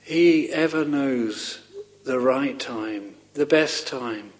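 A man preaching a sermon in an earnest, halting way, often repeating words as he restarts, rising fervently on pleading questions. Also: mid-range voice.

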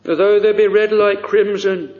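A man preaching a sermon, earnest and halting, with many pauses and pleading questions to the congregation. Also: high voice, steady tone. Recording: dull lo-fi church recording with long reverb.

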